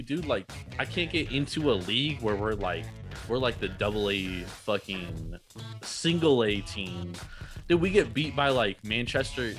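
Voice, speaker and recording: A man's voice: mid-range voice, lively intonation, a little slow, fairly bright tone, soft background music. A young man in brash, profane casual chat, always calling his friend dude. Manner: brash, swears often, says "dude".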